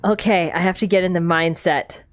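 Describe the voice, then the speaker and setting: A woman's voice: fairly low pitch, fairly even intonation, normal speed. A woman streamer giving casual gameplay commentary in a rambling, chatty way, often correcting herself.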